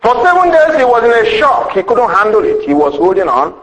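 A man's voice: high voice, very animated, fairly quick, a bit bright, echoey room, low-quality recording. A man preaching a sermon with emphasis, rhetorical questions and a repeated refrain.

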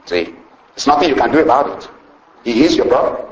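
A man preaching a sermon, retelling a parable with lively storytelling and a habit of asking "see?" after each point. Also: mid-range voice, a little fast, muffled recording. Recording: roomy echo.

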